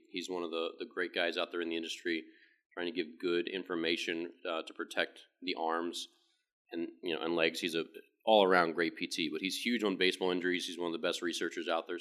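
A man, a baseball pitching coach, giving a casual, rambling explanation with frequent restarts. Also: a bit bright.

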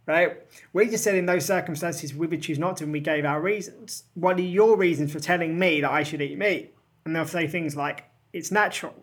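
A man, co-author of a book, talking in a casual discussion, animated and acting out the voices of critics. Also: a little high. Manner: animated, acts out quoted critics. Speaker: co-author guest.

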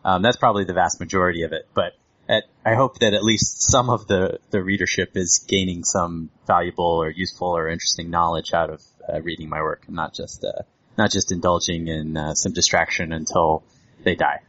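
A very deep-voiced man speaks thoughtfully and with a wry edge, pausing on ums as he works through his ideas. His sound is dull and muffled. The room around him is completely dry. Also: steady tone, a bit bright, no echo. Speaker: podcast guest, analytics writer. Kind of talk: casual chat.

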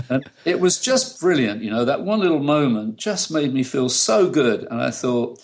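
His mid-range voice swings widely in pitch and moves a little slowly, with a faint hiss or hum in the audio. He's a middle-aged UK photographer giving an interview, telling relaxed, chatty stories and laughing frequently.

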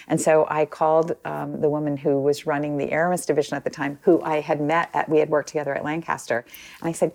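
Low creaky-voiced woman telling a story. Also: quick pace. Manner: chatty, many ums, quotes others in lively asides. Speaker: interview guest. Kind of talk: casual storytelling.

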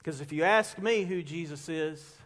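Animated high-voiced preacher in a reverberant hall. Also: male voice, normal speed. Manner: animated storyteller, drops to a hush for emphasis. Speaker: pastor. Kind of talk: sermon with storytelling.

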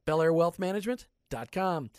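A man's voice: on the high side, expressive, brisk, darkish tone, smooth, no echo. A man co-hosting a faith and business radio show, joking and rambling in casual studio chat. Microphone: studio microphone.

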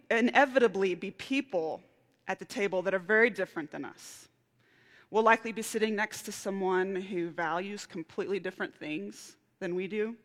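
A woman preaching a sermon, telling a personal story with lively, animated outbursts. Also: medium pitch. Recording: reverberant hall.

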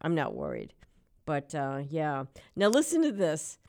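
A middle-aged woman hosting a local radio show, telling stories and ranting in a chatty, animated way. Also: low voice, measured pace. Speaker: radio host.

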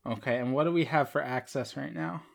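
A man's voice: mid-range voice, brisk, vocal fry. A man, a doctor, working methodically through a mock exam case on a podcast with wry asides. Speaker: doctor taking a mock oral boards case.

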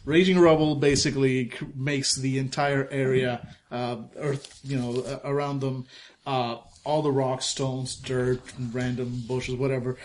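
A man playing a tabletop game. He explains his actions haltingly, with many fillers, and gets excitable. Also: mid-range voice, slight background noise. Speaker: player.

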